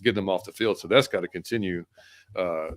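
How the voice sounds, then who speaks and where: A man's voice: deep voice, brisk, dry recording. A man talking casually about his team, rambling with restarts in a laid-back way. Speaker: co-host guest. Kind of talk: casual sports chat.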